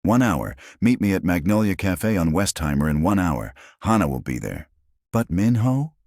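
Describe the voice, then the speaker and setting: A man's voice: deep voice, big pitch swings, normal speed, darkish tone, no echo, clean studio sound, heavily acted. A man voicing a desperate, heartbroken young mother who cries out in anguish, in a storytelling narration. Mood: guarded. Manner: tearful, raises her voice in anguish.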